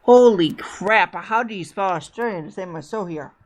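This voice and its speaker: A woman's voice: on the low side, normal speed. Chatty woman hosting a casual show. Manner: rambling, self-correcting, chatty. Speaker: podcast host. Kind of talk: casual chat.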